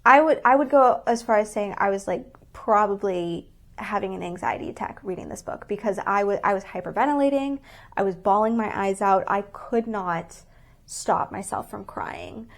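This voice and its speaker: A woman reviews books on her vlog in a mid-range voice at a moderate pace. Earnest and openly emotional, she rambles and often restarts her sentences in this casual review.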